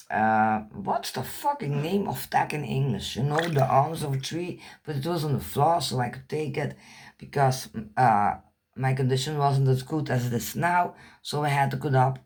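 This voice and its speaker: Dutch-speaking woman, husky and gravelly, candid rambling storyteller who curses freely. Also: rumbling low. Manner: candid, rambling, swears casually, searches for English words. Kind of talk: personal storytelling to camera.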